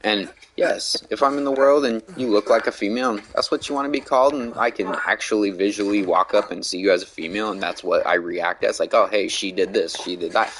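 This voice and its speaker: A man's voice: on the low side, steady tone, quick pace, few pauses, fairly bright tone, slight background noise, low-quality recording. A man streaming a game, ranting bluntly in casual talk and swearing a lot. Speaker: gaming streamer. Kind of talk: casual rant while gaming.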